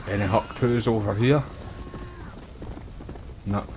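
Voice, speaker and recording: A man's voice: on the low side, steady tone, slow, background noise. A Scottish man chatting casually while streaming a game, rambling between stories. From Scotland. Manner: rambling, chatty, uses local slang. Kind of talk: casual gameplay chat.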